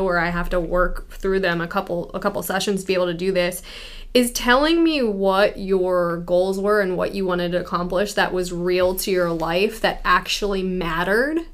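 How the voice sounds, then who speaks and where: Woman, American accent, podcast host, nutrition coach, smooth voice, attentive. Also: medium pitch, fairly bright tone. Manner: attentive, gives short replies. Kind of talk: casual interview chat.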